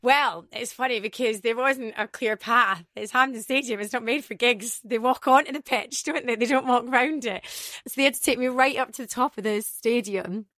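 A Scottish woman from Glasgow, a DJ guest in a casual interview, telling stories in an animated way and acting out the voices she quotes. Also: a little high, moderate pace, no echo, clean studio sound. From Glasgow, Scotland. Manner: animated storyteller who acts out quoted voices.

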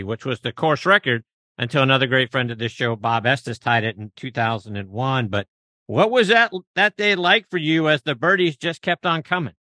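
A man's voice: mid-range voice, pushed and bright, dry recording. A man hosting an interview, reading out prepared questions to his guest. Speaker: host. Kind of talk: podcast interview.

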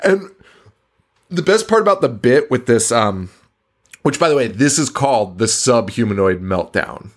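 A man's voice: mid-range voice, expressive, normal speed. Rambling, profane man recapping a film. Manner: rambling, profane, laughs often, stumbles over words. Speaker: podcast co-host. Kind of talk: casual movie recap chat.

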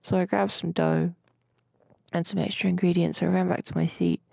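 A woman's voice: on the low side, little pitch movement, moderate pace, vocal fry, darkish tone, dry recording. A young woman co-hosting a podcast, chatting casually as she recounts a dream in a rambling way. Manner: rambling, chatty storytelling with mild swearing. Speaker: podcast co-host.

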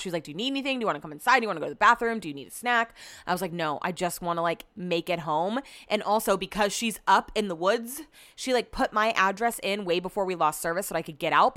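A young adult woman hosting a podcast, telling a story in a casual, animated way with frequent swearing. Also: medium pitch, clear, resonant tone, dry recording. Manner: animated, with swearing and quoted asides. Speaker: podcast host.

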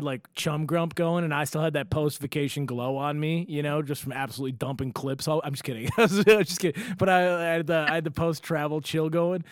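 A man's voice: on the high side, dry recording, studio quality. A young man hosting a casual podcast, telling a story with lots of swearing and acting out other people's lines. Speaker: podcast host. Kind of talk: casual chat.

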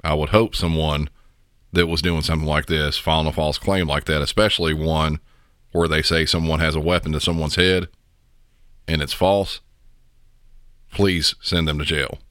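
A man's voice: a bass voice, fairly even intonation, moderate pace, long pauses, fairly bright tone, smooth, no room sound, studio quality. A male podcast host giving blunt, opinionated casual commentary.

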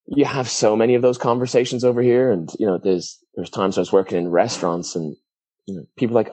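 A young man from Ireland with an Irish accent softened toward American, talking reflectively in an interview with many fillers and restarts. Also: lowish voice, fairly even intonation, quick pace, no echo, rough recording. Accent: Irish, partly Americanized. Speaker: football coach, guest.

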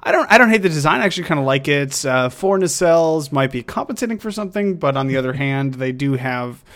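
A man's voice: a little high, lively intonation, fast, a bit bright. A man co-hosting a podcast in casual chat. He gives his opinions with animation and often repeats words as he talks. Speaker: podcast co-host.

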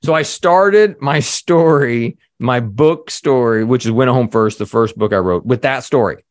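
A man, a leadership coach guest on a podcast, telling a story in a lively conversational way, full of "you know" fillers and acted-out quotes. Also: medium pitch, a little slow, dry recording, studio quality.

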